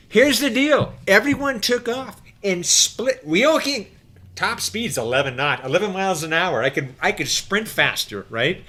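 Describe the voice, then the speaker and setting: Excitable, bright-voiced middle-aged man telling stories. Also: high voice, measured pace. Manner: acts out quotes, swings from hushed to loud; profane, excitable. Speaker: podcast guest. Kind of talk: animated storytelling.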